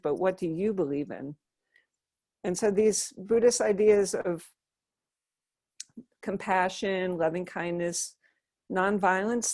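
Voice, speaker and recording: In a studio-quality recording without echo, a lowish-voiced middle-aged American woman who is a Buddhist nun shares her life in an interview. She speaks softly and sincerely, frequently starting her sentences over.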